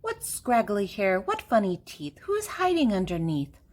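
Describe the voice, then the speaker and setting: A woman's voice: medium pitch, huge pitch swings, measured pace, a little mellow. An older woman reading a children's picture book aloud, with a playful sing-song delivery and fun animal sounds.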